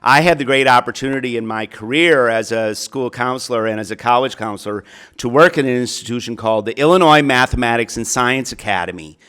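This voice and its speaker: A man's voice: mid-range voice, brisk, fairly bright tone, clear, resonant tone. A middle-aged man with a Minnesota accent, a college counselor giving a chatty, earnest speech to an audience in an auditorium. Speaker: college counselor, keynote speaker.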